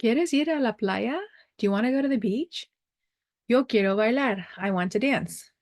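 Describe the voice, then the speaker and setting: A woman's voice: a little high, expressive, normal speed, no echo, clean studio sound. A woman teaching a Spanish lesson over a video call, reading words and their English meanings, with chatty asides. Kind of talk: online language lesson. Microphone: computer mic on a video call.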